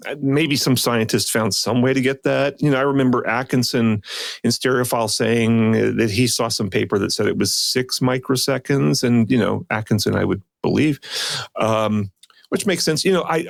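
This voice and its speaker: Middle-aged male podcast co-host, gravelly voice, lively swinging delivery, dry close mic. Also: mid-range voice, dry recording. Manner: animated, breaks into mocking impressions. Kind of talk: casual chat.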